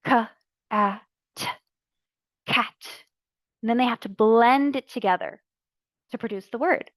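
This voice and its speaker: A woman presenting a training session for early childhood educators, explaining letters and sounds clearly and deliberately. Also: on the high side, no echo. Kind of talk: instructional narration.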